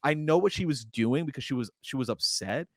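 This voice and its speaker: A man's voice: medium pitch, animated, brisk, dry recording, clean studio sound. A man co-hosting a podcast, retelling movie scenes with animation and acting out the characters' lines. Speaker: podcast co-host. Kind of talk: casual film discussion.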